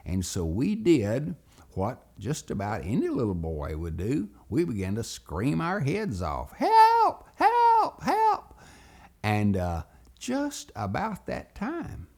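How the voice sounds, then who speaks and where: A man's voice: fairly low pitch, creaky. A man telling a childhood story as a lesson for children, acting out every voice. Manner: animated, acts out voices.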